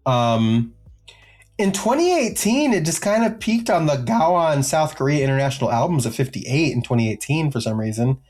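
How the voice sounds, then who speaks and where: A man's voice: fairly high pitch, sing-song, moderate pace, a little mellow. A man co-hosting a music podcast, casually reading out chart positions with lots of filler and joking asides. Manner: jokey, rambling, many filler ums. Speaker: podcast co-host.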